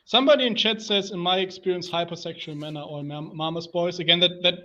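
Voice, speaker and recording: Man, higher pitch, bright tone, loose casual chat, dull lo-fi mic. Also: quick pace. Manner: laughing, loose, reads chat aloud. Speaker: stream panelist.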